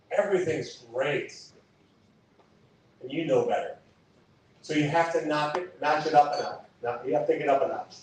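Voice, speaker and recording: A man's voice: fairly high pitch, darkish tone, a little hiss or hum. A man running for office, giving an impassioned campaign speech full of punchy rhetorical questions, recorded from far off in an echoey hall. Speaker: political candidate. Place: event hall.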